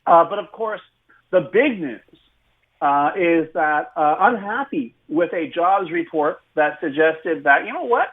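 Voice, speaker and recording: A man with a Canadian accent gives political commentary on the radio. His voice sits a bit high, and his delivery is sardonic and loose, with plenty of fillers and restarts. He comes through a narrow, phone-like line. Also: lively intonation, measured pace. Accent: Canadian English.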